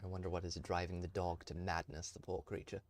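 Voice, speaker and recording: A man's voice: low voice, level tone, fairly quick. A man streaming a tank game with casual, joking, rambling commentary. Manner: joking, rambling, playfully theatrical. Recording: loud game noise behind voice. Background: tank game sounds.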